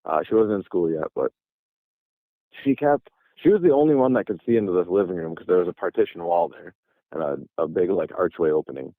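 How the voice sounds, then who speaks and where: A man's voice: low-pitched, fairly quick, no room sound. A man from Michigan, a guest telling a long story in a casual, rambling way with many restarts, calling by phone from a parking lot. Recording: tinny phone line.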